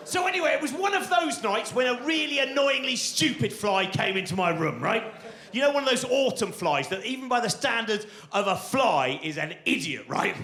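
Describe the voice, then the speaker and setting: A man in his forties performing a rambling stand-up comedy routine, often slipping into shouted voices. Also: sits high. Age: 40s.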